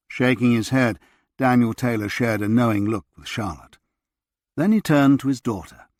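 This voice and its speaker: With a medium-pitched voice, a male narrator reads scripted narration from a historical novel for an audiobook. His delivery is measured yet expressive, captured in clean, dry studio sound.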